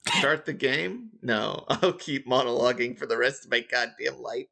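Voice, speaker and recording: A man's voice: medium pitch, steady tone, moderate pace, gravelly, bright, forceful tone. A man running a tabletop game as dungeon master, rambling and joking with lots of fillers. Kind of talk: casual game-master narration.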